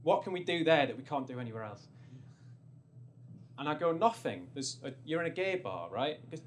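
A man's voice: on the high side, sing-song, a little fast, long pauses. A young man from North East England telling a funny personal story on stage, rambling and self-deprecating, with many restarts.

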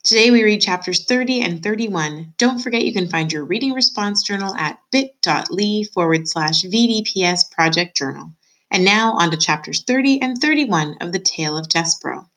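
A woman teacher reading a novel aloud to her students, expressive and addressing the reader directly. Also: mid-range voice, moderate pace, poor audio. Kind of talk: read-aloud storytelling.

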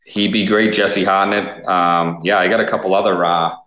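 Podcast guest, male, very deep voice, halting and blunt; echoey garage sound. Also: steady tone, a bit bright, a little hiss or hum. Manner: halting, many fillers, blunt swearing. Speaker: guest, police K9 officer. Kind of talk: casual interview conversation. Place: home garage gym.

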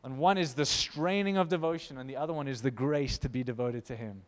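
A man preaching a sermon to his church, impassioned, swinging from loud to hushed. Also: medium pitch, a little fast. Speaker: pastor. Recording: long hall reverb.

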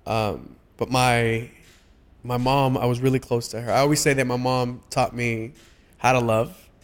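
Young adult man, medium voice, halting heartfelt chat guest with frequent restarts. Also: medium pitch, steady tone. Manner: halting, many restarts and fillers. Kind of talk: casual heartfelt conversation.

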